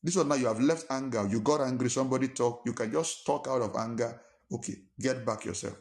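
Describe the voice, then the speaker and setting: A man's voice: mid-range voice, a little fast, a little mellow. A male pastor delivers a sermon in a mid-range voice. He preaches emphatically and fires one rhetorical question after another. He acts out quarrels in a raised voice. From Nigeria.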